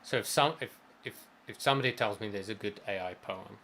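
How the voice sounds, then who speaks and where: A man with a somewhat low voice talks through his ideas slowly on a gaming livestream. He rambles and restarts his sentences as he thinks aloud. There is faint background noise behind him. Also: gravelly, pushed and bright. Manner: thoughtful, rambling, many restarts. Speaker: co-host of a gaming stream. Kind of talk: casual chat.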